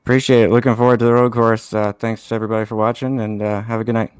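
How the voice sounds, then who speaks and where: A man, a racing driver, giving a halting, laid-back post-race interview. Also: lowish voice, flat delivery, clean tone, no room sound, clean studio sound.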